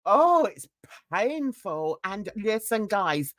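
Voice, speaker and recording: Slow, lively-voiced woman streamer. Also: mid-range voice, heavy background noise. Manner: rambling and gossipy, greets chat viewers by name. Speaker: livestream host. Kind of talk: casual livestream chat.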